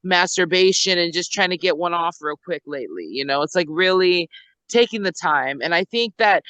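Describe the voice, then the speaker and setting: A woman's voice: on the low side, expressive, normal speed, fairly bright tone, no echo, highs cut off. A woman hosting a podcast, talking in an easygoing, reflective way and putting questions to her guest. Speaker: podcast host. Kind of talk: casual chat.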